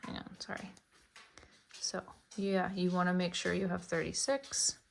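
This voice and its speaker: A woman's voice: lowish voice, flat delivery, measured pace, vocal fry, a little hiss or hum. A woman teaching beginners to cast on knitting stitches, explaining each step in a chatty, encouraging way. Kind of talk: casual tutorial narration.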